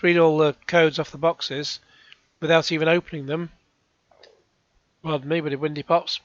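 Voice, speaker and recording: A man's voice: a little high, fairly bright tone, no room sound, lo-fi sound. A man giving rambling, sarcastic commentary as a YouTube reaction host. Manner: rambling, sarcastic, with frequent sighs and restarts.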